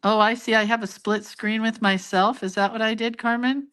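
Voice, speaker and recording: A woman's voice: a little high, steady tone, normal speed, fairly bright tone, clean tone. An older woman hosting a casual live drawing lesson, chatting and laughing at her own mistakes as she goes. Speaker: hand-lettering and doodling teacher.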